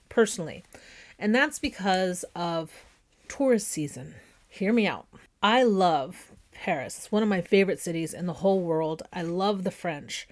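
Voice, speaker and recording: Chatty woman giving travel opinions. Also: on the low side. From United States. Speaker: flight attendant reacting to videos. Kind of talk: casual reaction commentary.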